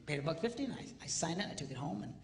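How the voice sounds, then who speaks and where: This middle-aged man's gravelly, fairly high voice comes rapid-fire over crowd noise as he gives a comedic marriage seminar talk. He's an animated storyteller mimicking voices and firing off jokes and punchlines, with long hall reverb and faint noise in the audio.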